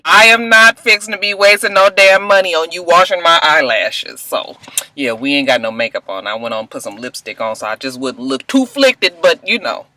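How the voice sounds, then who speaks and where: A young woman, casually recapping a reality TV episode in a sassy, profane, animated way and acting out quotes. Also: very deep voice. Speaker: TV recap vlogger.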